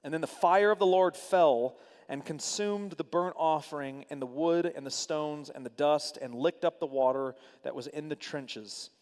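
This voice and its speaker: A man teaching a Bible study in a church hall, reading scripture aloud with animated, casual asides to his group. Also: a little high, normal speed. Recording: long hall reverb.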